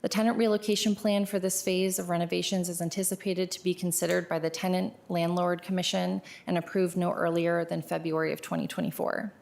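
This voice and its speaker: A woman with a fairly low, gravelly voice delivers a formal staff briefing at a public meeting. She stays steady and businesslike, often pausing on "um". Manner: steady and businesslike, with frequent "um" fillers. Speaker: county planning staff presenter.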